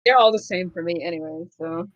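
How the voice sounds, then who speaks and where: A woman's voice: lowish voice, a little fast, highs cut off. A woman playing a tabletop game, chatting casually and playfully. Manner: playful, laughs between lines. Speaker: player.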